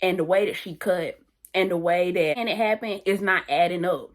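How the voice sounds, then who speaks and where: A woman voicing a man at a club who questions her calmly about an injury. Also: fairly low pitch, normal speed, close to an everyday voice. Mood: questioning. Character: grown man, calm questioning official at a club.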